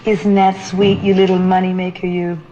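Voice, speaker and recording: A performer voicing a gruff fish seller in a played sound clip, with a loud, drawn-out delivery. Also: mid-range voice, completely flat delivery, lo-fi sound, lightly acted. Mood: boastful.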